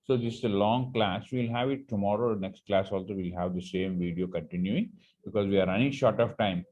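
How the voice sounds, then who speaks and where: A man's voice: lowish voice, a little mellow, dull audio. A man with a Telugu accent, a college teacher explaining English idioms in an online class, switching between languages and acting out shop customers. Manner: rapid, mixes languages, acts out shop customers.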